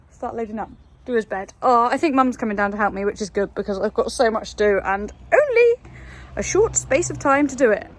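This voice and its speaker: A woman vlogging casually from her stables, chatting to the camera and cooing baby talk to her animals. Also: a little high. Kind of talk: casual vlog chat.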